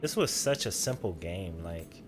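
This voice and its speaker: A man's voice: sits low, very animated, unhurried, noisy background. A man streaming a game, chatting casually and thinking aloud with lots of hedging. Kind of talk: casual gaming commentary. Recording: voice over loud game music. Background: loud game music.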